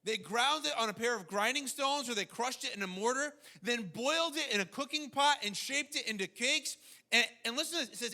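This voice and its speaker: A man preaching a sermon as pastor, animated, slipping into mocking quoted voices. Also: very high voice, a little fast.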